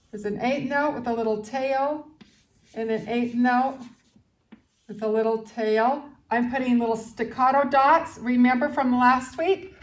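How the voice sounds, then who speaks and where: A woman teaching an elementary music lesson to young children, patiently explaining notes and counting rhythms aloud as they clap along. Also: high-pitched.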